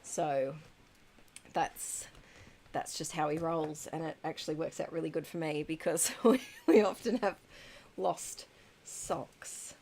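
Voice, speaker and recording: Slow-talking woman in relaxed chat. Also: sits low, a little hiss or hum. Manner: chatty, frequent ums, giggles. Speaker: livestream host reading chat. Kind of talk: casual chat on a live stream.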